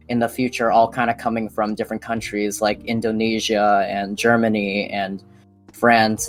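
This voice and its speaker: A young man hosting a podcast, chatting casually in a relaxed, rambling, slangy way. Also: medium pitch. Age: young adult. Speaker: podcast host. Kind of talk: casual chat.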